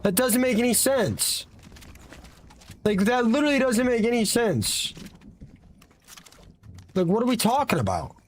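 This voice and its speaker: A man's voice: extremely high pitch, big pitch swings, unhurried, pauses often, a little hiss or hum. A young man in casual live-stream chat as a streamer, ranting animatedly with rhetorical questions and tired after a long session.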